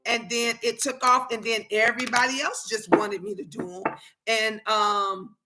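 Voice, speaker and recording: A middle-aged woman hosting a tarot live stream, chatting casually and answering viewers' comments in a lively way. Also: a little high, moderate pace, over music.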